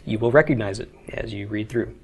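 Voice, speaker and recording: A man's voice: lowish voice, brisk, a little mellow, slightly rough. Man teaching a beginners' class patiently. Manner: patient, explains step by step, often checks with "okay?". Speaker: Hebrew teacher. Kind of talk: informal classroom lecture.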